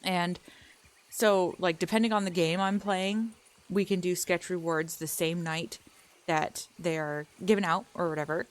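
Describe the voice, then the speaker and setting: Chatty woman streamer, slightly low voice. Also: fairly even intonation, measured pace. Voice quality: chatty, rambling, laughs often. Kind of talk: casual chat with viewers while gaming.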